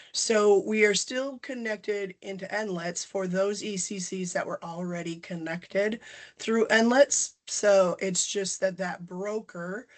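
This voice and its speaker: A middle-aged woman presents a business webinar over a video call, her voice congested and a little nasal from a cold. She speaks in a flat, level tone, steady rather than lively, and talks casually with frequent ums and small self-corrections. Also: lowish voice. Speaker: presenter, company general manager.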